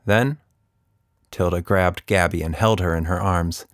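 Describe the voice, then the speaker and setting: A man narrating a children's story in a calm, expressive way. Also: sits low, a little slow, dry recording, clean studio sound.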